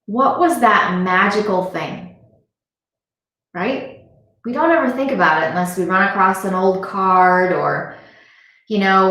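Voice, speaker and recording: On a live stream recorded through a device camera in a very echoey room, a woman with a mid-range, fairly bright voice gives an earnest motivational talk. She addresses viewers directly and repeats her points for emphasis.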